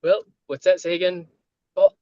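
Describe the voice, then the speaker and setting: A man's voice: high voice, flat delivery, normal speed, mellow, no room sound, highs cut off. A chatty man with a New York accent, laughing often while talking casually on a live stream.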